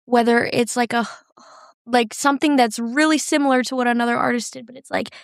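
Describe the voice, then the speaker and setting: A woman's voice: fairly high pitch, fairly even intonation, fairly quick, gravelly, no room sound, clean studio sound. A young woman from Wisconsin, a guest on a podcast, chatting upbeat and using "like" a lot. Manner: upbeat, filler-heavy, says "like" often. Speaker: guest, country singer-songwriter. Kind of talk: casual interview chat.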